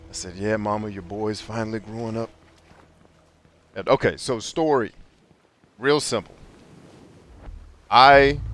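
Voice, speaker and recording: A man's voice: on the low side, a bit bright. A young man streaming a game and ranting bluntly about stories, with plenty of profanity and strong opinions. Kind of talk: live game stream commentary.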